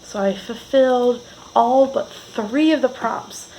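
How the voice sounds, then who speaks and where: A woman's voice: on the high side, takes it slowly, warm tone, rough recording. A woman book vlogger giving a casual reading wrap-up, gushing and enthusiastic, rambling with frequent restarts. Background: faint cicada noise outdoors.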